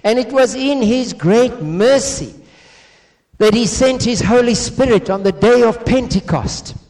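A man's voice: high-pitched, darkish tone. A man preaching a sermon, emphatic, building with repeated phrases and rising stress. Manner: emphatic, repetitive cadence, rising to stress points; slow and measured when reading prayer.

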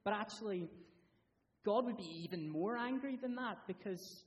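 A man giving a children's talk in church, asking the children lots of questions in a lively, friendly way. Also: high-pitched, moderate pace, recorded from a distance, slight background noise.

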